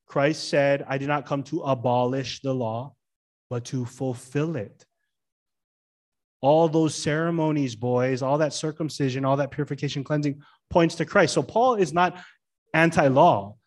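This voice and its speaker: A middle-aged male pastor preaching a sermon in a lively way, often asking the church questions and stressing key words. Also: fairly high pitch.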